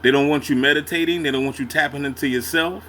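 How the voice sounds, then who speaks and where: A man hosts a reaction video, his voice sitting a touch high for a man. He talks loose and slangy, jumping in to agree and pressing his points with heavy emphasis. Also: fairly even intonation, fast, pushed and bright, slight background noise. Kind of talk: casual reaction commentary.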